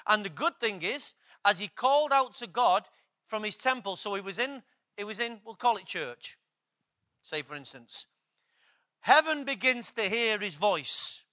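A man's voice: sits high, lively intonation, a little slow, pushed and bright. A man preaching a sermon, emphatic, repeating key phrases and asking the congregation questions.

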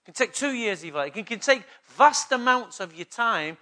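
A man preaching a sermon with a high, bright voice. He hammers his points home through repetition and keeps asking the room for agreement. His delivery is emphatic, as a pastor addressing his own congregation. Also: expressive, brisk. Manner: emphatic preaching with repeated call-and-response questions.

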